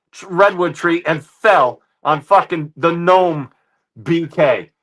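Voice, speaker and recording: Loud, bright-voiced man ranting profanely. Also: fairly high pitch. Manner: heated, swearing, repeats "ladies and gentlemen". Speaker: livestream host reacting to chat. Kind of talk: profane livestream rant.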